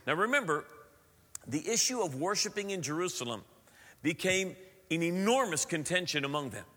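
A man preaching a sermon as pastor, animated with playful asides. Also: on the high side, normal speed. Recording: long hall reverb.

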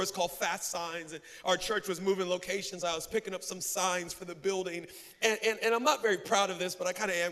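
A man's voice: high-pitched, pushed and bright. A man preaching a sermon, telling a story with self-mocking humor and acting out voices. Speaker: pastor. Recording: long hall reverb.

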